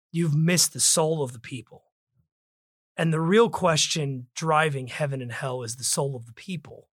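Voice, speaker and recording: Bright, emphatic male podcast host. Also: fairly high pitch, unhurried, dry recording, studio quality. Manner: emphatic, preacher-like. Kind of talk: book discussion podcast.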